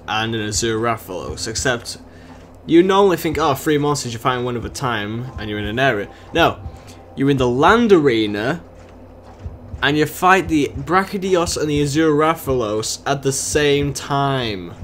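A man's voice: on the high side, fairly bright tone, a little hiss or hum. British man rambling over gameplay. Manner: rambling, sarcastic running chatter. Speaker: gaming channel host. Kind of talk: let's-play commentary.

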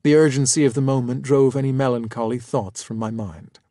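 A man's voice: medium pitch, fairly even intonation, fairly quick, dark tone, dry recording. Man narrating an audiobook, dry and close. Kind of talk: scripted first-person narration.

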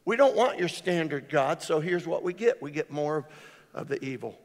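An older pastor with a voice on the high side preaches a sermon at normal speed in a church sanctuary, with hall reverb on the recording. Animated and joking, he tells stories and acts out the voices of the people in them.

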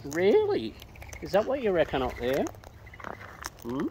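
A woman's voice: lowish voice, wildly swooping pitch, measured pace. A woman chatting playfully to wild birds as she feeds them outdoors, cooing and teasing them. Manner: coos and baby-talks to birds, playful. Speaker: vlogger feeding wild birds. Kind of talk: casual chat to birds. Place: outdoors at a bird feeding spot. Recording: noisy outdoor audio with bird sounds. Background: birds chattering and clicks.

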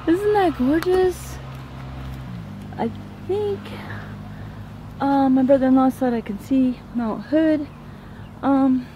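A woman's voice: high voice, dull audio, background noise. A woman chatting casually to a handheld camera while walking uphill on an outdoor neighborhood trail, a little out of breath and gushing about the views. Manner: chatty, rambling, easily awed. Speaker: vlogger. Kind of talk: casual walk-and-talk vlog. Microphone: handheld camera, at times turned away.

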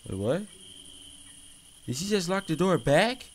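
A man hosting a gaming channel, giving casual, slangy commentary on a mobile horror game, swinging from low mumbling to sudden shouts. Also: sing-song, unhurried, slight background noise. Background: background game music.

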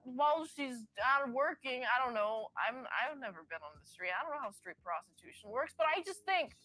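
A woman's voice: high-pitched, lively intonation, moderate pace, pushed and bright, dry recording. A young woman giving a blunt, snarky, rambling movie review in a played video clip.

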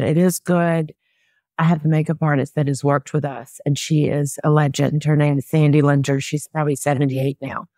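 A woman's voice: low-pitched, darkish tone, no echo, studio quality. A woman who works as a personal stylist, giving practical style advice in a conversational interview. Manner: practical, explanatory, chatty.

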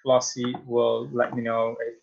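A man's voice: mid-range voice, completely flat delivery, unhurried, creaky, a little mellow. A young man with an Italian accent, a native Italian speaker, giving a webinar talk as guest speaker in a friendly, hesitant way with frequent fillers. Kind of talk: webinar presentation. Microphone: video call. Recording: dull lo-fi video call audio.

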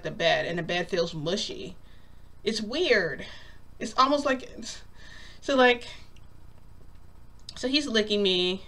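A woman's voice: mid-range voice, fairly bright tone. A woman vlogger telling a long story in a casual, rambling way, full of "like" and acted-out quotes. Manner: rambling, lots of "like", acts out quotes.

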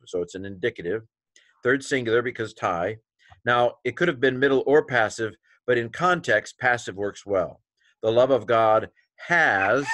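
A man's voice: on the low side, fairly bright tone, no room sound. A man teaching a Greek lesson, thinking aloud with fillers and self-corrections as he names the letters one by one.

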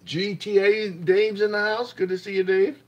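This livestream host is a man with a high voice that barely moves in pitch, speaking at a moderate pace; the recording's highs are cut off. He reads out magazine finds with enthusiasm, repeating compliments and saying hello to people in chat.

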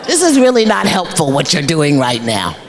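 A middle-aged life coach with a deep, sing-song voice speaks at normal speed as keynote speaker in a large luncheon hall. Her motivational speech is storytelling and preacherly, with repeated phrases for emphasis and frequent laughter.

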